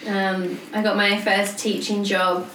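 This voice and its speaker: A woman's voice: mid-range voice, little pitch movement, slow, a bit bright. A young woman, a teacher, chatting on a podcast and laughing often. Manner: giggly, chatty. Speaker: guest, PE teacher. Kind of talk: casual group chat. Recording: echoey room with background noise.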